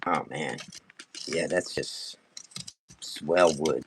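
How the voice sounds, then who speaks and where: A man teaching wood carving on a casual live stream, talking fast and excitably and laughing often. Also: very deep voice, background noise.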